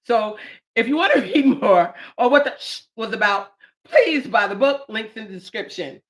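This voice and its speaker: Young woman poet hosting a live stream, playful asides between poems, bright, a little high. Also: animated, moderate pace. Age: young adult. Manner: playful, talks back to herself, swings from joking to tearful. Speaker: poet and channel host.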